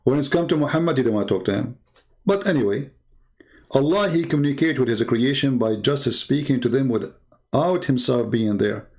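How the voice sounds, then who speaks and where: A man's voice: mid-range voice, animated, normal speed, darkish tone. A man with an Arabic accent hosting a live online debate, mocking his opponents with a string of rhetorical questions. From Arab world. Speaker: debate channel host.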